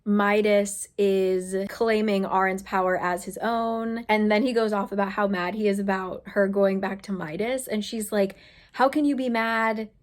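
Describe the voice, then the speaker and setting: A woman chatting casually and bluntly as she reviews a book she is reading, with excitable outbursts and free swearing. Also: medium pitch, normal speed, hardly any pauses.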